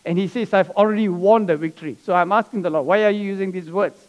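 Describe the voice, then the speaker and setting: Brief: male pastor, high-pitched voice, church sermon, story-led delivery. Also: quick pace, lo-fi sound. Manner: preaching with asides and soft laughs. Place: church sanctuary.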